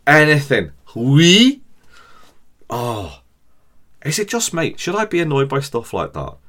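A man's voice: medium pitch, huge pitch swings, moderate pace. A man hosting a podcast, chatting casually and ranting in a jokey way. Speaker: podcast host. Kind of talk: casual solo podcast chat.

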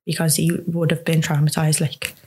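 An Irish woman in her younger years, with a low, steady voice that barely rises or falls. She recounts a personal story to an interviewer frankly and earnestly, peppering her speech with "like". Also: normal speed, slightly rough. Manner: earnest, frank, lots of "like" fillers. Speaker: guest.

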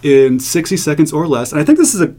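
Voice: medium pitch, big pitch swings, fast, mellow. A podcast co-host in easygoing casual chat who laughs often and explains the segment rules.

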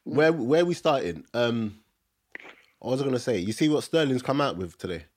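A man's voice: medium pitch, expressive, moderate pace, darkish tone. A young man hosting a casual football chat over a call, joking and loose with lots of slang and fillers.

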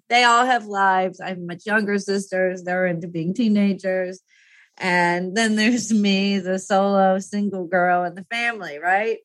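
A woman in her fifties speaks candidly and at length about something personal. She rambles, drops thoughts halfway and picks them up again, with frequent small laughs. Her voice sits at an ordinary middle pitch and sounds close and dry, with no room echo. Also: steady tone, unhurried. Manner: rambling and heartfelt, laughs often, trails off and restarts.

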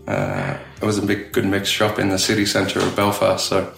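A man's voice: low-pitched, very animated, moderate pace, creaky, a bit bright, roomy sound, soft background music. An Australian man chatting casually as an interview guest, rambling with lots of fillers and laughs. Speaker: tattoo studio owner, guest.

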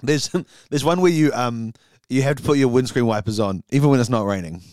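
A man's voice: mid-range voice, fairly quick, a little mellow, no room sound, clean studio sound. A man co-hosting a comedy podcast, improvising a silly story with many ums and laughing at his own jokes.

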